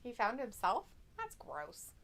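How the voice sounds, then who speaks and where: Giggly high-voiced woman reading chat. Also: huge pitch swings, takes it slowly, a bit bright. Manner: giggly, swears often, reads chat messages aloud. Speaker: live stream co-host. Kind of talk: casual live-stream commentary.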